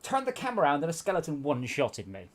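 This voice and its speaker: A man's voice: on the high side, huge pitch swings, rapid-fire. A young man hosting a game stream, giving exasperated running commentary with stumbling restarts. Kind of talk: casual gameplay chat.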